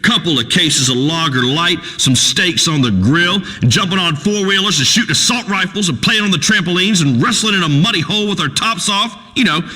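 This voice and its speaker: A crude, pompous radio host, booming through a long hall reverb. His voice rides high and bright, swinging up and down as he blusters in folksy broken grammar. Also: fairly quick, few pauses, exaggerated voice. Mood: ranting. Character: crude redneck male talk radio host. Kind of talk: comedic radio talk show acting.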